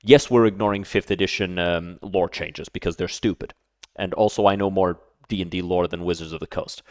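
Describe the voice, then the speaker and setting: A man with a lowish voice talks through a reaction in a casual, emphatic way. He piles up repeated words and restarts his sentences as he argues. The sound is close and dry, with no room around it. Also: steady tone, brisk, dry recording. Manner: emphatic, repeats himself, stammers restarts when worked up. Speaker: streamer reacting to a video.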